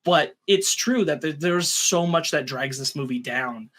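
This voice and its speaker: A man's voice: fairly high pitch, unhurried, fairly bright tone. A man co-hosting a podcast, thinking aloud in a long-winded, hesitant way. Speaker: podcast co-host. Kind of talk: casual chat.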